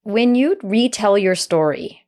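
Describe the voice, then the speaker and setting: A woman hosting a podcast interview, speaking gently and empathetically, close to tears as she listens. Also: medium pitch, lively intonation, measured pace. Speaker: podcast host. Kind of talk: interview conversation.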